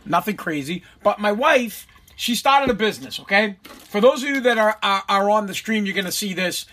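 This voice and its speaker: A man's voice: sits high, animated, normal speed, pushed and bright. A man hosting a casual solo podcast from his home basement, ranting animatedly, swearing and laughing at himself. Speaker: podcast host.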